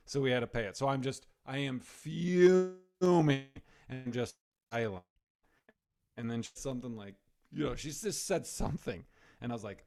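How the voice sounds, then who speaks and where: A man in casual podcast chat with an ordinary mid-range voice. He tells stories in an animated, exasperated way and swears freely. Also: mid-range voice, moderate pace. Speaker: podcast co-host.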